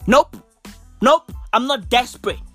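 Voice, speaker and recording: A woman's voice: fairly high pitch, expressive, unhurried, fairly bright tone, husky, soft background music. A woman hosting a podcast, ranting casually in a brash, profane, emphatic way full of slang. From South Africa. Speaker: podcast host. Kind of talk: casual rant.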